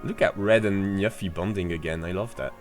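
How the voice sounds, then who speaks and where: A man's voice: low-pitched, brisk, darkish tone, soft background music. A man streaming a game playthrough, chatting casually, rambling, swearing freely and answering his chat. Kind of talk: casual livestream commentary.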